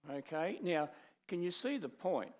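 A middle-aged man preaching with slides, talking in a lively way with many restarts and acted quotes. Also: high voice, measured pace. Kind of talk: sermon with slides.

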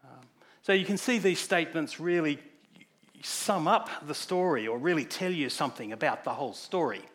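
A man's voice: a little high, moderate pace, fairly bright tone. Conversational man preaching a sermon. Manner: conversational, asks the congregation questions.

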